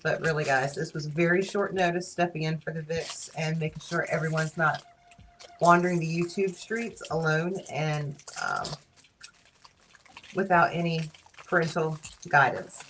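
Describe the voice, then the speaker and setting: A woman with a Southern US accent hosting a casual live stream, playful and teasing, quick to laugh. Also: sits low, fairly bright tone, slight background noise, rough recording. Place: small studio.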